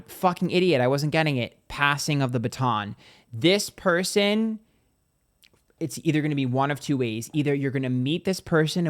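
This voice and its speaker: A tarot reader gives a casual reading to camera, talking straight to his viewers at an ordinary middle pitch. His chatty, loose delivery is full of swearing, and he keeps drifting into acting out little imagined scenes.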